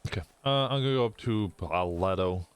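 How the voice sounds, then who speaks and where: A man's voice: deep voice, a little fast, smooth, no room sound. A man streaming a roleplay game, chatting casually in character and laughing through his own stories. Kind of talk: casual in-character chat and storytelling.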